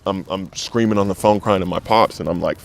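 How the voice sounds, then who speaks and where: A man's voice: low voice, brisk, creaky. A man in his thirties, a former football player, speaking openly and emotionally in an interview, swearing freely. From United States. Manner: frank and emotional, swears freely, acts out quoted voices. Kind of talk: candid interview.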